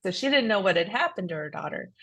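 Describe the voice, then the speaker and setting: A woman's voice: medium pitch, expressive, quick pace, fairly bright tone. A woman tells a heartfelt story on a ministry podcast. She talks earnestly and restarts her sentences often, in an everyday mid-range voice. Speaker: podcast co-host. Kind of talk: casual faith podcast chat.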